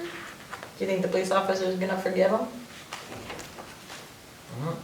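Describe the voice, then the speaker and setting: A woman hosting a library story time, reading a picture book aloud to children in an animated way and asking them questions. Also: mid-range voice, moderate pace, long pauses. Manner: animated, questioning the young listeners. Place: library room. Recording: echoey room, distant mic, faint noise.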